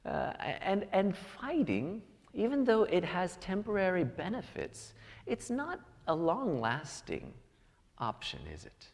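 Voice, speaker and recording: Guy preaching a sermon in a big echoey church hall, very lively up and down voice. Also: high-pitched, takes it slowly. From United States. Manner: storytelling, rising to emphatic peaks. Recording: long reverb of a church hall.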